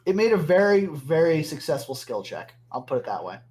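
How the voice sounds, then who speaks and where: A man runs a tabletop game as its game master. He narrates casually, pausing and searching for his words, and he swears now and then. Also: a little high, big pitch swings, a little mellow. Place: home room with other players.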